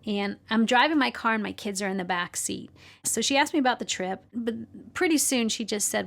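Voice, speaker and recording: A woman's voice: a little high, fairly quick, vocal fry, fairly bright tone. A middle-aged woman, a podcast guest, telling a personal story with earnest emotion and small laughs.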